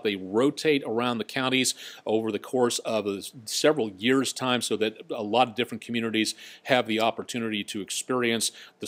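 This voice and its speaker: A man's voice: medium pitch, a bit bright. A man working as a TV meteorologist, hosting a casual live weather blog in a chatty, folksy way and reading out viewers' names. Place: TV station in a downtown area.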